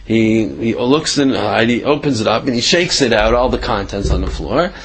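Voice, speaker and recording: A man telling a moral story in a lively way, acting out every character. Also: fairly low pitch, normal speed, poor audio.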